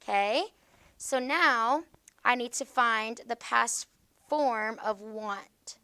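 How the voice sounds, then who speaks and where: Bright-voiced woman teaching grammar. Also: on the high side, slow, smooth. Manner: patient, checks understanding with frequent "okay?". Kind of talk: classroom grammar lesson.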